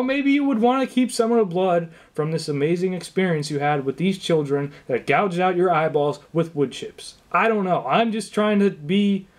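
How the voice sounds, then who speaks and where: A young man with a slightly high voice improvises one half of a phone call as a shoemaker talking to an upset customer. He fires off disbelieving questions in a deadpan, mock-supportive way.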